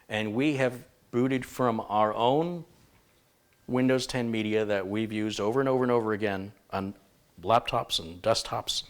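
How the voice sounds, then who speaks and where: Male live-stream tech host, somewhat low voice, chatty and rambling, corrects himself mid-sentence. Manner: thinks aloud, rambling with self-corrections. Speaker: computer repair host.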